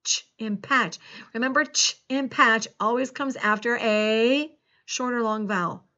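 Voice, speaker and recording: A woman teaching a recorded phonics lesson to young children, encouraging them and sounding out words slowly. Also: fairly high pitch, pushed and bright, highs cut off. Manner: encouraging, slow and exaggerated word sounding. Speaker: second grade teacher.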